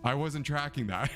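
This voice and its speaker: A man streaming a mystery game, chatting casually with his viewers and laughing often. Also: mid-range voice. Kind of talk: casual live-stream commentary.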